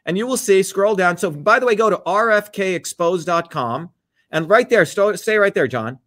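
A combative political host, talking in a scornful, heated way. His voice sits fairly high for a man. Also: lively intonation, a bit bright. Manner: combative, scornful, rapid asides to a producer.

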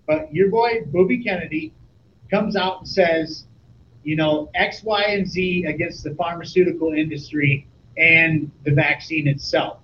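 A male interviewer asks questions casually, stumbling over his first words before he gets going. His voice is slightly high for a man, and it comes through dull audio with a faint hiss behind it. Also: steady tone, unhurried, a bit bright. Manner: stammering restarts, conversational. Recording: muffled audio with faint background noise.

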